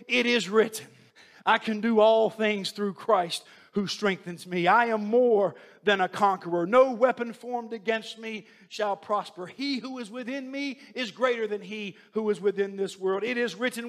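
A man with a notably high voice preaches a sermon. He builds his message on a rhythmic, repeated refrain, quoting scripture line after line.

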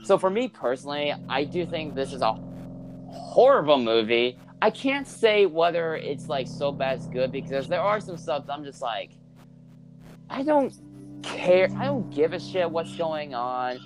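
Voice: medium pitch, big pitch swings, measured pace. Blunt reviewer over background music. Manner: blunt, exasperated opinions. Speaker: movie reviewer. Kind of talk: casual chat.

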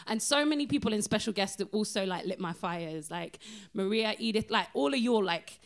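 A woman speaks at an event in a gushing, rambling way, filling her speech with fillers. Her voice sits at a middle pitch. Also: expressive, fairly quick. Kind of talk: casual speech to a crowd.

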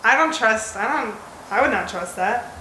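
A young American woman in her twenties chats casually as a podcast co-host, her voice a little high and very bright, full of "like" and loose fillers. She sounds like she is in an echoey room with a faint hiss underneath. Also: expressive, normal speed. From United States. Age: 20s. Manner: chatty, many fillers. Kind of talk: casual chat.

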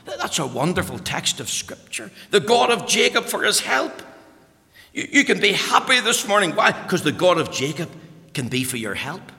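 A man preaches fervently to a congregation, his bright, forceful voice ringing through a reverberant church. He rises to loud exclamations, then drops to hushed asides. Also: on the high side, animated, normal speed, gravelly. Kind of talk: sermon.

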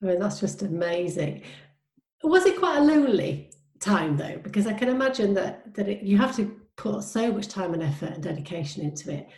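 A woman's voice: mid-range voice, very animated, brisk, darkish tone. A woman hosting an interview, asking questions in an encouraging, casual way. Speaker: interview host. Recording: roomy echo.

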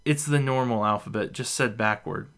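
A kind, patient young soldier with a steady, middle-pitched male voice, as the narrator reads him. He speaks calmly, with a gently teasing edge. It sounds like a storybook reading. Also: moderate pace, natural voice.

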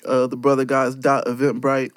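Give me a relaxed young male podcast co-host with a mid-pitched voice and a dry sound. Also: moderate pace, dry recording. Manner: relaxed, plugs the show offhandedly. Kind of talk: casual chat.

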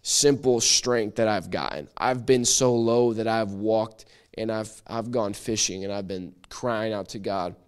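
A man teaching a church Bible study, conversational and lively, acting out little quoted voices as he explains. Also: lowish voice, unhurried, few pauses, smooth.

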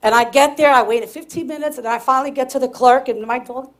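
A woman pastor preaching a sermon, telling a personal story in an animated way, laughing and breaking into shouts. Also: sits high, fast.

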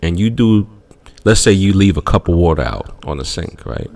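A man co-hosting a podcast, telling a comedic story in casual chat and acting out other people's voices. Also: moderate pace. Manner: animated, acts out voices in shrieking high tones. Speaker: podcast co-host.

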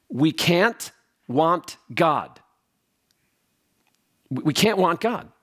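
Guy preaching a sermon, kinda high voice that jumps around, talks like chatting with you. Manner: conversational preaching with lively pitch and filler words. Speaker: pastor.

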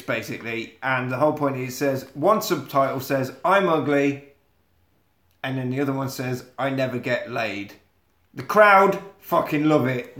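A man's voice: mid-range voice, echoey room. A man co-hosting a podcast, casually recapping a film with lots of swearing and acted-out quotes. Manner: swearing, animated storytelling, acting out quotes. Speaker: podcast co-host.

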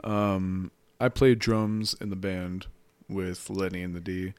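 Young man, low smooth voice, laid-back podcast guest. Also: steady tone, slow, darkish tone, no echo. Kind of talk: casual chat.

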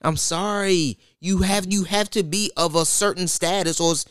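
A man with children, in casual chat, blunt and profane, telling stories with lively delivery. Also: high-pitched, normal speed, clean tone, no room sound, studio quality. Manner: blunt, profane, animated, laughs at his own jokes.

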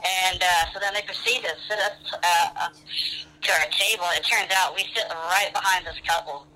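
A man's voice: high voice, steady tone, normal speed, sharp tone, a little hiss or hum. A man calling in to a radio show, rambling through a story with many fillers, heard over a phone line. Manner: rambling, lots of "I was like" and "uh". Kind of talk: casual storytelling.

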